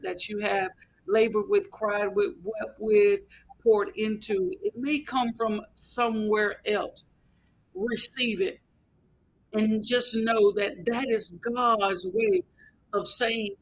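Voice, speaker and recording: A man's voice: high voice, fairly bright tone, rough recording. A man hosting a devotional podcast, exhorting listeners in an earnest preacherly way with lots of repetition. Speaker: podcast host.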